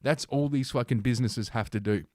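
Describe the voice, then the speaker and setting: This young livestream host pairs news reading with profane, sarcastic, combative ranting. His mid-range voice is mellow and fairly quick, and the studio-quality audio carries no room sound.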